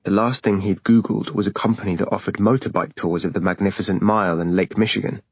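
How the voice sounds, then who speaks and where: A man narrating an audiobook in a steady, plain storytelling manner. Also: lowish voice, fast, breathy edge, no echo. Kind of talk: scripted narration. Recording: dull dry lo-fi recording.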